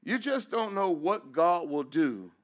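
Emotional middle-aged preacher man, slightly high. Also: big pitch swings, measured pace, dull audio. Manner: preacherly, rising to praise, repeats phrases. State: emotional, voice breaking at times. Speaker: pastor. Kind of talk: emotional testimony in church.

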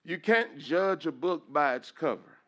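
A middle-aged pastor's voice sits a little above the usual male pitch, animated and fairly bright, and a little slow. Openly emotional in church, he repeats phrases, his voice breaking at times, and raises it when moving into praise.

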